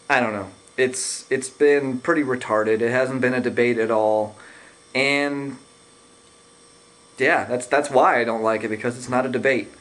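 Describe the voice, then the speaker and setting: A young man ranting casually to a camera at a medium pitch. He sounds sarcastic and rambling, with plenty of fillers and hesitations. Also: steady tone, measured pace, fairly bright tone. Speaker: vlogger. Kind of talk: casual rant.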